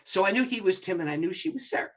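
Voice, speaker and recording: A man, a pastor, telling a story in an interview with lively, acted-out voices. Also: high-pitched, fast talker. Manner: animated storyteller who acts out voices and laughs often.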